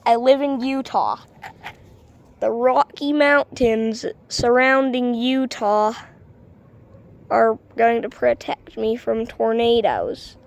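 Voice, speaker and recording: A woman's voice: on the high side, fairly even intonation, slow pace, vocal fry. A woman vlogging casually outdoors on a street into a phone, rambling and hesitant with many ums. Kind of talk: casual vlog.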